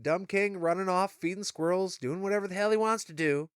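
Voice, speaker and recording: A man's voice: high-pitched, a little fast, smooth, no echo, studio quality. A man hosting a casual book-discussion podcast, recapping the plot in a joking, chatty way. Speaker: podcast host.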